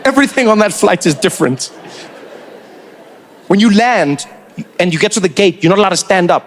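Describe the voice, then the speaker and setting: South African man, high-pitched stand-up comic, animated delivery, faint room ambience behind. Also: fairly quick, slight background noise. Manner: animated, acts out other people's voices. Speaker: stand-up comedian. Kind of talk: stand-up comedy routine.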